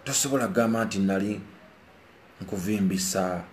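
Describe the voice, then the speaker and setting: A man from Uganda, voice on the low side and pace normal, delivers an earnest, preachy and emotional monologue to viewers as a commentator, moving between Luganda and English. He's indoors as rain falls outside, recorded with roomy echo and a faint background hiss.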